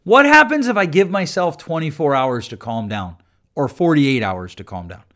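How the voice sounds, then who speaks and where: Higher-voiced man hosting a chatty solo podcast. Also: animated, moderate pace, a bit bright. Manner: conversational, repeats and restarts words, self-mocking dry humor. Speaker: podcast host.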